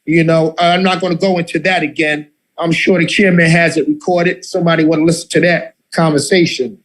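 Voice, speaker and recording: A man leading a political study group, speaking in a fiery, impassioned way, repeating phrases and filling pauses with "uh". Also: on the high side, fairly even intonation, rough recording.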